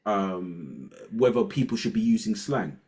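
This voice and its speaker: A middle-aged man with a London accent talks in a casual podcast conversation. His voice sits on the low side, and he tells stories with energy, slipping into short acted-out bits of other people's dialogue. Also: measured pace. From England. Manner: animated storyteller who acts out quoted snippets of dialogue. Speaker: guest educator.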